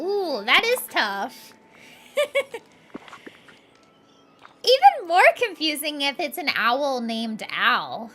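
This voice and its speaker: A woman's voice: sits high, very animated, extremely slow, pauses often, bright, forceful tone, faint music behind. A young woman chatting casually and playfully as she plays a game on a live stream, laughing often.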